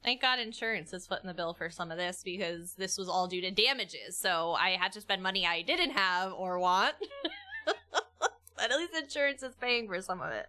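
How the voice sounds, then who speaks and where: A woman's voice: fairly low pitch, animated, moderate pace, sharp tone. A young adult woman telling a story in casual chat, rambling with many restarts and laughs. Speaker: vlogger.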